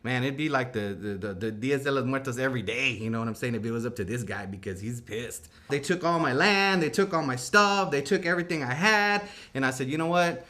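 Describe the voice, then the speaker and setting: A man's voice: mid-range voice, lively intonation, a little fast, hardly any pauses, bright, forceful tone. A man playing a laid-back night-shift janitor, telling his story in a rambling, slangy comic interview. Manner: rambling slangy talk, lots of "like" and "right?". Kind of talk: comic mock-news interview.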